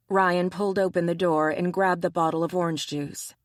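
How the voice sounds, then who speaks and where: An audiobook narrator reading a romance in a steady, measured scripted narration. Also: mid-range voice, no echo, clean studio sound.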